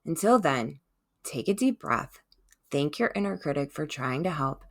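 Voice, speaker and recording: A woman hosting a self-help podcast, talking gently and encouragingly and often checking in with listeners. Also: deep voice, expressive, moderate pace. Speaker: podcast host.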